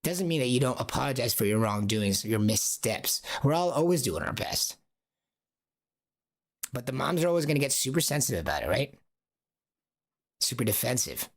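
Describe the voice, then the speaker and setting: A man's voice: medium pitch, big pitch swings, normal speed, creaky, pauses often. A man talking alone on a livestream, rambling and asking rhetorical questions. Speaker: streamer. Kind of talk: casual livestream monologue.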